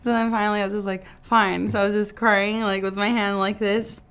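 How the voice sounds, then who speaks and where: Brief: young woman, medium pitch, lively storyteller, casual interview. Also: fast talker, clean tone. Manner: animated, acts out quotes, laughs often. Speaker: bride-to-be telling her proposal story. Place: video studio.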